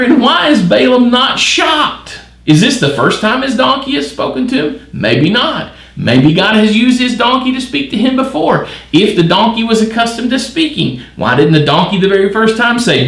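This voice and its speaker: Guy teaching a bible study, high lively voice jumping all over, asks a ton of questions, roomy sound. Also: normal speed, vocal fry, hardly any pauses. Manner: animated, wondering aloud with many questions. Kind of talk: midweek Bible study reading and commentary.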